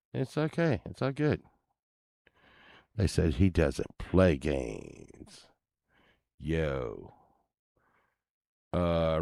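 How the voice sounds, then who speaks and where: A deep-voiced man with a drawl talks slowly and loosely to his viewers, muttering asides and the odd curse. The sound is close and dry with no room around it. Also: a little mellow, clean tone, dry recording. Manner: laid-back, mumbling, muttered asides and cursing. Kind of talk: casual chat to viewers while browsing listings.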